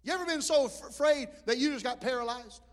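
A man preaching a sermon as pastor, telling animated stories. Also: very high voice, fast talker. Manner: animated storytelling with shouted impressions. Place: church hall. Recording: hall reverb.

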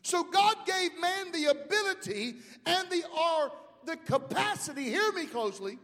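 High-voiced preacher man in an echoey hall. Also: expressive, normal speed, a bit bright. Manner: preaching with call-outs to the congregation. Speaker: pastor. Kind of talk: sermon.

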